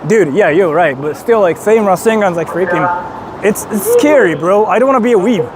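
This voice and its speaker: Hyped young guy from japan streaming on a loud street, kinda high voice, swears, yells stuff. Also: a little fast. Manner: excitable, swears a lot, bursts into shouts. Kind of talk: casual livestream chat while walking. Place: busy city street outdoors. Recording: street noise behind.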